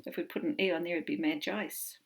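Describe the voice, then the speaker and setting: A woman with a New Zealand accent teaching an online phonics lesson from home, slowly sounding out letters and words. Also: low voice, fairly even intonation, gravelly, a little hiss or hum. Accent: New Zealand English.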